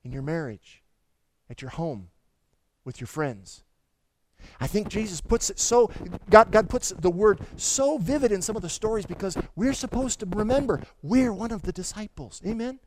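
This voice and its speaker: A middle-aged man preaching in a high, bright voice. He tells his story eagerly and trips over repeated words as he speeds up. He keeps turning to the congregation with questions. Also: normal speed, a little hiss or hum. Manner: animated storytelling with stammered restarts; asks the audience questions. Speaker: pastor. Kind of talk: sermon.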